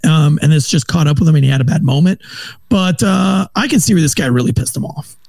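A man in his thirties, a former police officer, telling a profane, animated story in casual podcast chat. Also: fairly high pitch, a little fast, creaky, no room sound.

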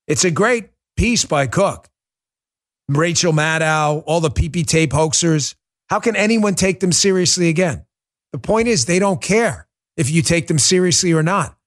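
Middle-aged male talk host, high-pitched, forceful ranting monologue style. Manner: forceful, ranting, emphatic repetition. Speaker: political talk show host. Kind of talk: heated political monologue.

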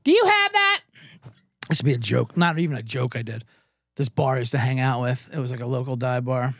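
A hoarse man hosting a comedic sports betting podcast, ranting in a sarcastic, profane way. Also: medium pitch, fairly even intonation, quick pace, dry recording, clean studio sound. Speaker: host.

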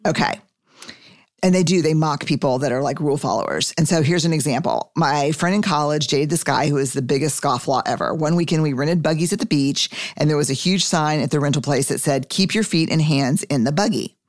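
A woman's voice: sits low, brisk. A woman hosting a podcast, reading her own memoir aloud with wry asides, swearing and laughing often. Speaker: podcast host.

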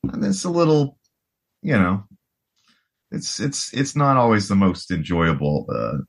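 A man's voice: fairly low pitch, huge pitch swings, measured pace, vocal fry. A man in his forties from the United States, a guest rock guitarist talking in a rambling, casual way full of "you know" and restarts. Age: 40s. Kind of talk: casual podcast conversation.

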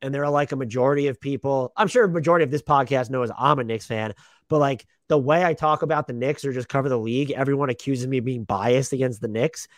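A man co-hosting a casual sports podcast, talking fast with profane, self-deprecating banter. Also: medium pitch, no echo, clean studio sound. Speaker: podcast co-host.

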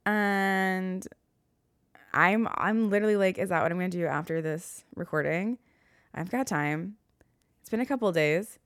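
A woman's voice: lowish voice, measured pace, dry recording, studio quality. A woman in her thirties hosting a solo podcast, chatting candidly and rambling with self-deprecating asides. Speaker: podcast host. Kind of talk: casual solo podcast chat.

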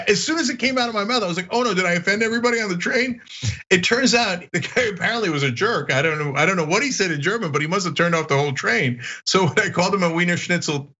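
A man from Istanbul hosts a podcast in a relaxed, chatty way. His voice is bright and swoops up high as he gets worked up telling a story. The recording sounds dull and lo-fi. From Istanbul, Turkey. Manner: animated storyteller, voice jumps up when excited. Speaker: podcast host. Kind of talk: casual chat.

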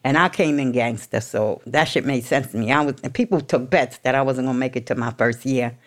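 A woman's voice: rumbling low, fairly quick. A woman with a New York accent telling her recovery story candidly, in a blunt, profane, street-tough way. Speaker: speaker sharing a recovery story.

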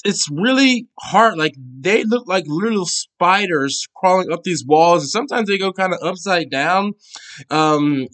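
A young man hosts a podcast, offering casual news commentary in a chatty, emphatic style packed with fillers, restarts and sassy asides. His voice is on the high side with a fairly bright tone.

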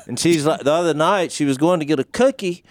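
A man's voice: fairly high pitch, quick pace, no room sound. A man hosting a podcast, chatting casually and telling jokey stories in a playful way. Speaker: podcast host. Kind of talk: casual chat.

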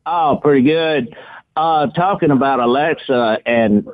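A man calling in to a radio show over a thin, phone-like line. He speaks slowly and hesitantly, with plenty of pauses and fillers. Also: mid-range voice, no echo. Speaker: caller. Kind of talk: call-in on talk radio.

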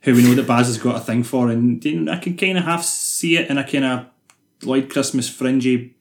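A man's voice: medium pitch, fairly quick, reverberant, a little hiss or hum. A Scottish man co-hosting a podcast, telling rambling, sweary stories in casual chat. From Scotland. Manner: rambling, sweary, laughing storyteller. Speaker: podcast co-host.

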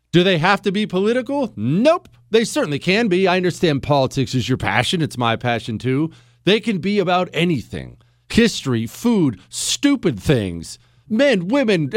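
A man's voice: sits high, no echo, clean studio sound. A man hosting a talk radio show, joking with sarcastic asides as he talks to listeners and callers. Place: radio studio. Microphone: studio microphone.

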